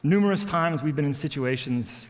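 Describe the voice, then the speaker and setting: A man preaching to his church, telling a personal story in an animated, self-mocking way and acting out what people said. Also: on the high side, moderate pace. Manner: animated storyteller, acts out quotes, laughs at himself. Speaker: pastor. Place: church hall. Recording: long reverb of a church hall.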